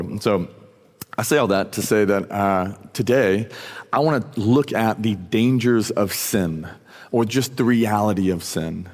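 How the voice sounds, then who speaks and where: A pastor preaching a sermon in a casual, animated storytelling way, acting out quotes. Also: male voice, on the low side, long reverb tail. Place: church auditorium.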